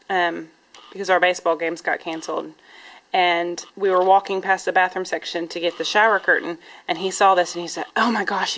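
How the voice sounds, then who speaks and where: A woman's voice: fairly low pitch, fairly bright tone, slight background noise, poor audio. A woman teacher, chatting casually in a classroom vlog, rambling with lots of "um"s and "y'all"s, a little sniffly. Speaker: primary teacher vlogger.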